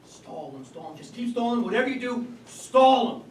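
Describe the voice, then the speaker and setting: A man's voice: very high-pitched, animated, brisk, a bit bright. An actor playing a harried, blustering middle-aged father of the bride on stage, heard from a distance in an echoey room with background noise. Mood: frantic. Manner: blustering, exasperated. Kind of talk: stage play performance.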